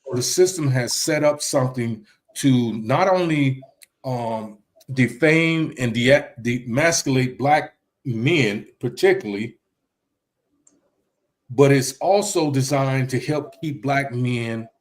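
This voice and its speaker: A man hosts a casual talk in a voice of ordinary pitch. He feels his way through his points with frequent ums and restarted phrases. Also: slow. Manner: hesitant, many ums and restarts. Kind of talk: casual discussion.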